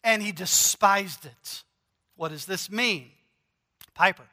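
A man's voice: high voice, slow, sharp tone, in a large hall. A male pastor preaching a sermon in an earnest, emphatic way, repeating key phrases.

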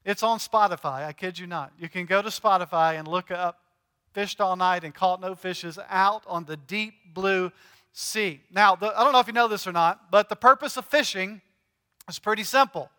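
A man's voice: high-pitched, moderate pace, sharp tone, clean tone. A male pastor preaching a sermon in a conversational, joking way, asking his congregation questions. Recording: long hall reverb.

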